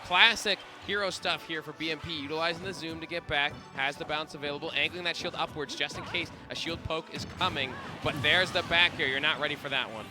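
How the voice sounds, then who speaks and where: Excitable man calling a fighting game. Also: a little high. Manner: quick, excitable, laughs often. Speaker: esports commentator. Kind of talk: live play-by-play commentary. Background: game music.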